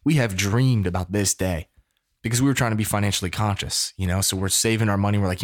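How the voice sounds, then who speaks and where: A man in his thirties from the United States, telling a story casually in an animated, preacher-like way. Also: fairly low pitch, fast talker. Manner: animated, preacher-like call-and-response.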